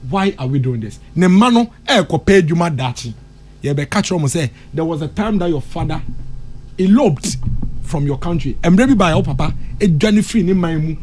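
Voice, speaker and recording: A man's voice: fairly high pitch, expressive, fairly quick, a little mellow, slight background noise. A Ghanaian man with a Ghanaian accent commenting on a morning radio talk show, impassioned, switching between English and Twi and repeating phrases for emphasis. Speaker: radio discussion panelist.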